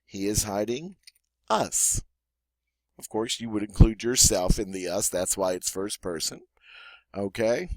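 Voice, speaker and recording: Slow-talking Southern American man teaching. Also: fairly low pitch, dry recording. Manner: encouraging, stretches out French words slowly. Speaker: French teacher. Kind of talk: classroom-style grammar lesson.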